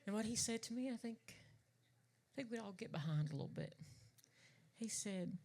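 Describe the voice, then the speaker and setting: A singer and drag performer from Southwest Virginia, with an Appalachian accent, chats from a live music venue stage between songs. Her voice is a little high, expressive and warm at a moderate pace, folksy and rambling, saying y'all and swearing for emphasis. There's a little hiss or hum.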